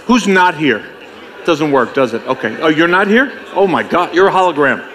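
A man's voice: on the high side, animated, moderate pace, a bit bright. A man emceeing a conference, bantering and joking with the audience in a playful, teasing way. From United States. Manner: playful, teasing, self-mocking.

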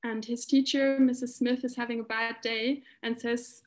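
Soft-spoken woman explaining tapping calmly. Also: a little high, normal speed. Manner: calm, explanatory, restarts phrases often. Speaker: EFT practitioner giving a talk. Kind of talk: explanatory talk with demonstration.

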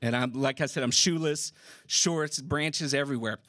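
A man telling a true personal story on a theater stage, casual and animated, swearing and laughing as he goes. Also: mid-range voice, moderate pace, no echo. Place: theater stage before a live audience. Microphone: stage microphone.

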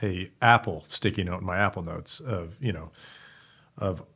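Husky, chatty man, fairly low voice. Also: normal speed, sharp tone. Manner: rambling, self-correcting, chatty. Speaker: podcast co-host. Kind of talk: casual podcast chat.

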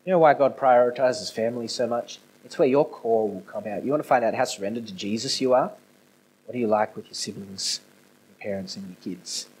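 A male pastor giving a conversational sermon, moving between quiet, intimate passages and raised, emphatic ones. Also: mid-range voice, brisk, husky, low-quality recording. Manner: conversational preaching with swings from soft to emphatic. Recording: no video, audio only.

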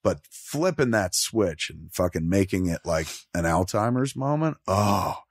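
Animated, swearing middle-aged man, dry sound. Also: sits low, a little slow, slightly rough, no room sound. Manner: animated, swearing, acts out lines in quotes. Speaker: podcast host. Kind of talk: casual profane chat.

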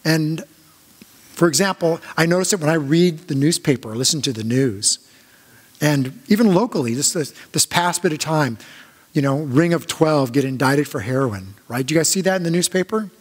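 Man, pastor, chatty sermon, stop-start storytelling, higher-pitched voice, long reverb of a church hall. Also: expressive, slightly rough. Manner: halting storytelling with frequent restarts. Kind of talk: conversational sermon. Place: church sanctuary.

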